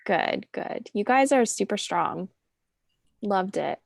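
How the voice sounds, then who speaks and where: A woman Pilates instructor cueing a mat class in a calm, soothing way over a video call. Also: mid-range voice, slow, gravelly, no room sound, studio quality.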